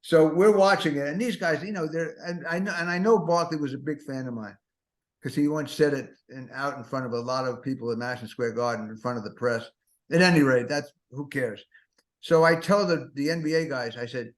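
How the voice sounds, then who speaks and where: A man in his seventies, his voice on the high side and his pace moderate, hosts a podcast. He rambles through comic stories full of neurotic, self-mocking asides, with a roomy echo around him.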